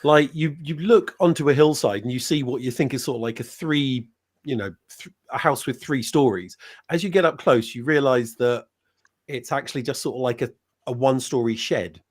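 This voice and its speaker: A man's voice: medium pitch, normal speed. Earnest man explaining at length. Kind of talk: casual livestream chat.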